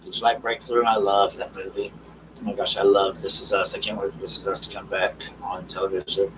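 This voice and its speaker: A man hosting a casual live stream, chatting warmly with viewers and calling them girl, darling and honey. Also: sits low, level tone, a little fast. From South Carolina. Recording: distant mic with noticeable background noise.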